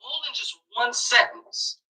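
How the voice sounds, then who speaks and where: Bright, fast-ranting profane young man. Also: distant mic, poor audio. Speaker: commentary YouTuber. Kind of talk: ranting commentary.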